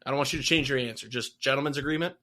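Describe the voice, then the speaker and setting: Young male co-host, bright tone, animated casual storyteller who swears freely. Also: medium pitch, racing. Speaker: podcast co-host. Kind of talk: casual chat.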